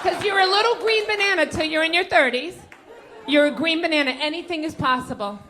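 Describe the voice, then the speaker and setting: A woman in her forties doing a brash stand-up set, working the crowd and bursting into shouts. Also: very high-pitched, a little fast. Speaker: stand-up comedian and host. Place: comedy club stage. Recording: live club recording with loud crowd laughter and noise.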